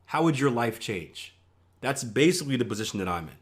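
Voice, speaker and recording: A man's voice: medium pitch, sing-song, brisk. A man working as a trading coach, talking casually through charts and keeping his listeners with him by asking "right?" again and again, with self-mocking asides. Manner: conversational, many filler "right?" checks, self-mocking asides. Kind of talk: casual teaching over a screen share.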